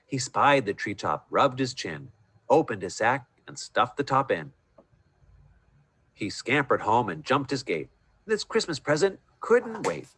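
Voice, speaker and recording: A man's voice: mid-range voice, a little slow, slight background noise. Man reading a rhyming storybook aloud. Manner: sing-song, expressive reading. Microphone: video call.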